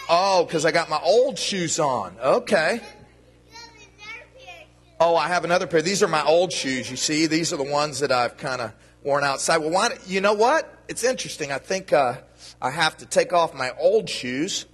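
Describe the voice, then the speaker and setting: A man's voice: a little high, a bit bright. Man giving a playful children's sermon. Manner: playful, friendly, chatty with children. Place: church. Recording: long reverb of a church hall.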